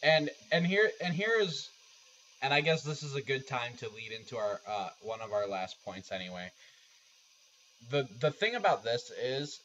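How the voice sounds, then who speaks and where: A man's voice: mid-range voice, big pitch swings, normal speed, fairly bright tone, slight background noise. Man co-hosting a podcast, lo-fi sound. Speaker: podcast co-host. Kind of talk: casual podcast discussion. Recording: dull lo-fi audio.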